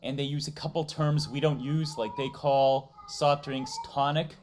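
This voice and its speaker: A woman's voice: very deep voice, steady tone, unhurried, darkish tone, slight background noise. A woman from Massachusetts with a New England accent, hosting a live stream in casual, playful chat and reading out donations. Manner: chatty, playful, interrupts to read donations. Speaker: streamer host.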